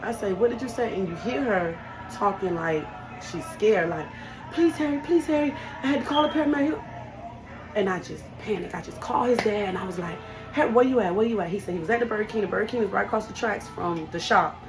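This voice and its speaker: A young woman who works as a hairstylist tells a personal story to camera in a raw, heartfelt way, her mid-range voice straining and breaking with grief. She talks quickly over music, and the recording is rough.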